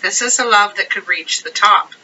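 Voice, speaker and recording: A woman's voice: medium pitch, normal speed, bright, forceful tone, slightly rough, far from the mic, dull audio. A woman giving a casual tarot reading to camera, chatty and rambling with many fillers. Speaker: tarot reader.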